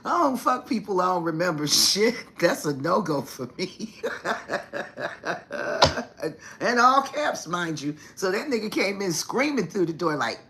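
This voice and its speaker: Slow, laughing, profane spiritual reader. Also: mid-range voice, very animated, creaky, bright, forceful tone, slight background noise. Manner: profane, laughs often, teasing; affectionate address, calls viewers baby and honey. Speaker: spiritual reader and channel host. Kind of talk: casual livestream chat with viewers.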